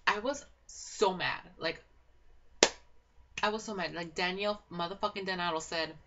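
A young woman giving a casual, gossipy reality show recap, excitable and swearing a lot, with constant filler words. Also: lowish voice, moderate pace, background noise. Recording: dull lo-fi home recording.

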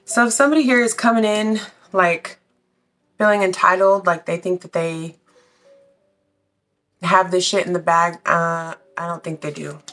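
A woman's voice: lowish voice, fairly even intonation, moderate pace, long pauses, fairly bright tone, soft background music. Chatty, blunt woman reading tarot. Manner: chatty, blunt, swears casually. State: out of breath. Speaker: tarot reader.

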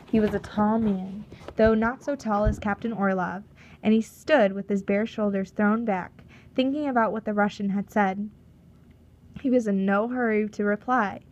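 A woman reading a storybook chapter aloud in a measured, steady narration. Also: medium pitch, highs cut off. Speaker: audiobook reader.

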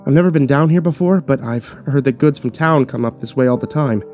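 A man's voice: mid-range voice, fairly quick, a little mellow, soft background music, close to an everyday voice. A man voicing a scrappy young man who speaks in a tense, urgent way.

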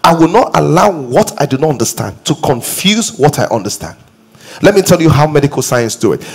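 A middle-aged man preaches from a church pulpit in a slightly husky, fairly high voice. His pitch swings widely as he repeats key lines and presses the congregation with questions. Emphatic, rising preaching. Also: a little mellow, rough recording. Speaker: pastor. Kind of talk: sermon. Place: church auditorium.

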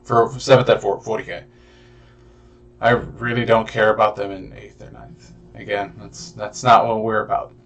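A young man talks casually on a podcast, his voice gravelly with a fried edge. He rambles, restarts and swears freely, filling gaps with "uh" and "like.". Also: fairly low pitch, little pitch movement, normal speed, a bit bright. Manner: rambling, profane, lots of fillers. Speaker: podcast co-host. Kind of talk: casual chat.

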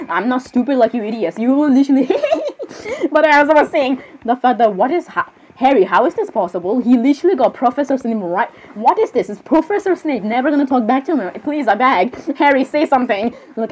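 A woman's voice: high-pitched, darkish tone, husky. A young woman chatting in character as a cosplayer, rambling and apologizing often between giggles. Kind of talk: in-character cosplay role-play chat.

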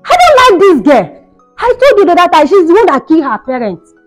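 A woman's voice: extremely high pitch, wildly swooping pitch, fast, exaggerated voice. A woman acting a cruel, taunting mother-in-law in a home-made skit, shrieking and mocking. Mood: ranting. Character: cruel scolding mother-in-law, shrill and bullying. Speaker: actor in a skit. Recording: dull sound with faint music behind.

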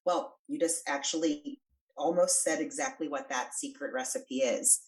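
A woman's voice: sits low, moderate pace, recorded from a distance, poor audio. A middle-aged woman guest on a podcast, talking earnestly and emphatically about breath and stress. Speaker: podcast guest, energy worker. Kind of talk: conversational interview.

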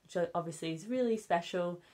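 Speaking a little fast, this young woman with a British accent has a fairly low, mellow voice. She's at home with her newborn, casually talking to camera as a vlogger and leaning heavily on fillers such as "um" and "obviously."

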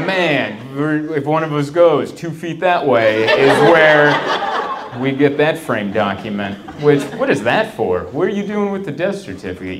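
Doing stand-up in a small venue, a man with a mid-range voice rambles, cuts himself off, and laughs at his own jokes. The live room is loud, with heavy background noise from an audience that laughs and talks back.

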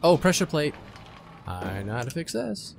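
A young man with a gravelly edge to his voice, talking his way through a game in a loose, chatty way. He hesitates and second-guesses himself, and he speaks to the characters on screen. There is a clear hiss of noise behind him. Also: on the high side, sing-song, moderate pace. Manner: chatty, unsure, talks to game creatures. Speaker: gaming commentator. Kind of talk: casual let's-play commentary.

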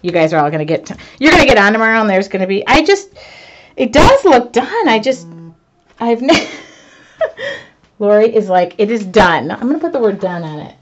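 A woman artist chatting to her live viewers as she works, excitable and self-mocking, laughing often. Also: fairly high pitch, a little fast, long pauses. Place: home art studio, indoors. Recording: dull lo-fi stream audio.

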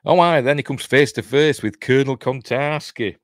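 A man's voice: mid-range voice, normal speed, no room sound, studio quality. A middle-aged man with a Yorkshire accent giving a rambling, casual commentary while watching a film, full of ums and small chuckles. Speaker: channel host, film commentator.

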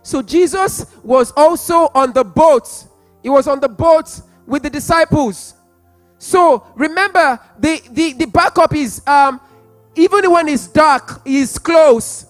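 A man preaching and leading prayer, repeating phrases and breaking into loud, impassioned, sung prayer. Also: very high voice, slow pace, faint music behind. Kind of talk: sermon with prayer.

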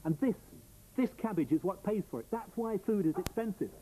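A man in a studio audience makes a blunt, argumentative point. He talks fast in a fairly high voice with a dark tone. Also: expressive, low-quality recording.

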